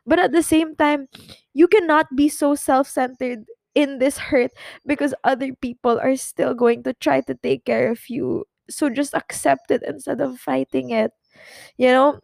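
A young woman hosts her own podcast and talks through her feelings in a loose, rambling way, tearful at times. Her voice sits a little high with a gravelly fry. The close mic sounds dry and near. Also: steady tone, unhurried, a little mellow, no room sound. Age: young adult. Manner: emotional, rambling, with many restarts and fillers. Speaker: podcast host. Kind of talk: personal confessional chat.

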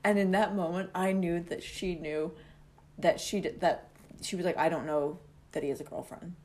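A woman's voice: fairly low pitch, fairly even intonation, moderate pace, a little mellow, a little hiss or hum. A young woman in a casual talk, animatedly recounting a personal story and laughing often as she tells it. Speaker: guest telling a personal story.

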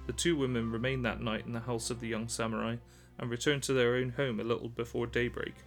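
Male narrator, mid-pitched, measured storybook reading. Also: flat delivery, soft background music.

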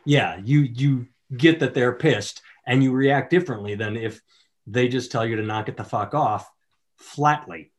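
A man's voice: mid-range voice, a little slow. A man in casual chat, thinking aloud and swearing casually.

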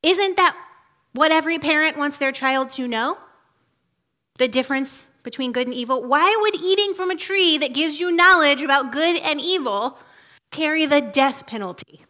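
A woman's voice: high voice, expressive, moderate pace, bright, forceful tone. A woman giving a casual, humorous teaching talk, chatty and full of asides, laughing often.

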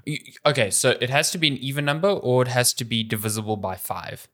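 A man's voice: mid-range voice, animated, fast talker, a bit bright. A man co-hosting a podcast, chatting casually and poking fun at his own habits. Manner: chatty, self-mocking, restarts often. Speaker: podcast co-host. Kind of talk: casual chat.

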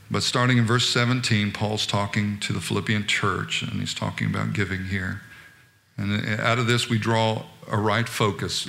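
A man's voice: lowish voice, creaky, a bit bright. Fervent preacher man. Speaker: pastor. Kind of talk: sermon.

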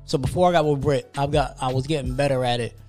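A man's voice: mid-range voice, fairly even intonation, fast, darkish tone, soft background music. A young man in casual podcast chat, talking earnestly and with slang, often checking in with "you know what I'm saying". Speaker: podcast co-host.

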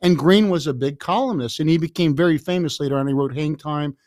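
Older male guest, raised near Chicago, spins animated stories with frequent chuckles, slightly high voice, dry close mic. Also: quick pace, dry recording. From Chicago area, USA. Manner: lively, laughs often, repeats words. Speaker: guest, author. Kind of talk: anecdotal storytelling in a podcast interview.

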